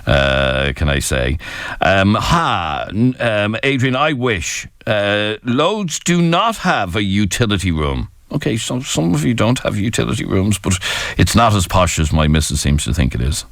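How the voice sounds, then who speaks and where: An Irish man hosting a phone-in radio talk show, jokey and animated as he reads out listener messages. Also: fairly low pitch, unhurried, vocal fry, dry recording, studio quality. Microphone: studio microphone.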